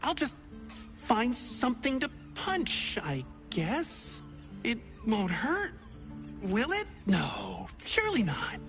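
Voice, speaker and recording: A performer voicing an eager, hapless young would-be adventurer in a video game, excitable and clumsy, fumbling for words. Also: medium pitch, slow pace, soft background music, heavily acted. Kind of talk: video game character dialogue.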